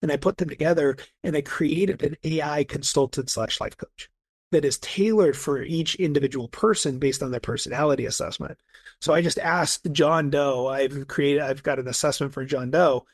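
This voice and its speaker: Excited guy chatting on a podcast, kinda husky, highish voice, keeps restarting his sentences. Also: normal speed, no room sound. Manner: eager, enthusiastic storyteller with many restarts. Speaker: guest, personality coach. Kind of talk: casual podcast conversation.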